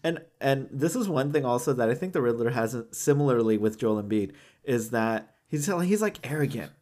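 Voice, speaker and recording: A man's voice: mid-range voice, lively intonation, moderate pace, a little mellow. A man co-hosting a podcast in casual chat, who laughs often, fills his talk with "like", and acts out what others might say. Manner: laughs often, many "like" fillers, acts out quoted voices. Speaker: podcast co-host.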